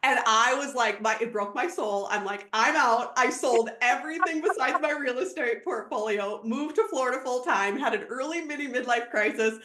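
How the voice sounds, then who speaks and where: A woman in her thirties from Minnesota, a podcast guest telling her story in an animated, laughing way. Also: fairly high pitch, normal speed, hardly any pauses. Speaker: podcast guest, real estate agent. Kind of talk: casual storytelling interview. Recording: roomy echo.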